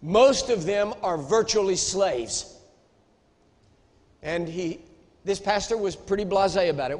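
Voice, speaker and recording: High-voiced American preacher in an echoey hall. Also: male voice, animated, unhurried, long pauses, a little mellow. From United States. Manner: emphatic storytelling, voice rising in outrage. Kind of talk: sermon.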